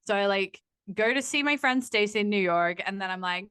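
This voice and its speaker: A woman's voice: medium pitch, brisk, smooth, dry recording. A young woman, telling a candid story as a podcast guest, swearing freely and acting out the people she quotes. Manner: profane, animated storytelling with quoted voices. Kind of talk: candid casual chat.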